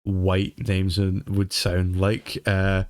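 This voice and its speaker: A man's voice: sits low, monotone, slow pace, a little mellow, no echo, clean studio sound. A man chatting casually on a podcast, rambling and repeating words as he thinks. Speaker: podcast co-host. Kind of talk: casual chat.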